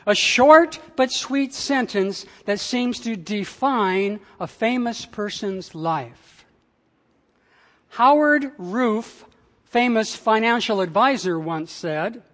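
A pastor preaching a sermon with slow, emphatic phrasing and big swings in pitch and loudness, speaking in a church. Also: long reverb tail.

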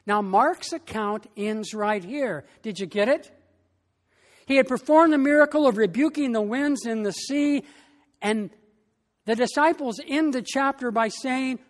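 Slow emphatic pastor in a reverberant hall. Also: high voice. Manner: slow, emphatic preaching with long pauses. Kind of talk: sermon.

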